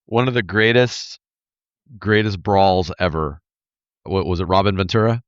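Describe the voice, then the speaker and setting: A man's voice: low-pitched, measured pace, clean tone, dry recording. A man co-hosting a podcast, chiming in with brief, chatty interjections. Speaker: podcast co-host. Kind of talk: casual interview chat. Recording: slightly muffled, dry.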